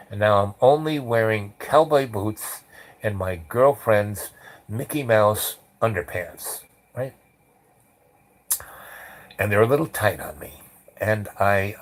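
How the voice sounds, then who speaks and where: Middle-aged male storyteller, lowish voice, loose rambling delivery, bursts into acted voices. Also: low-quality recording. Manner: animated storyteller acting out quotes loudly. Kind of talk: rambling anecdote.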